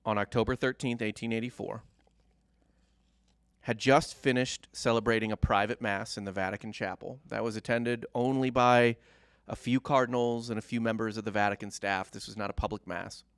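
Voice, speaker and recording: A man's voice: lowish voice, steady tone, moderate pace, clear, resonant tone, no echo. Man casually retelling history. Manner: joking, loose, swears casually. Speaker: podcast host, storyteller. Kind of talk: casual comedic history podcast narration.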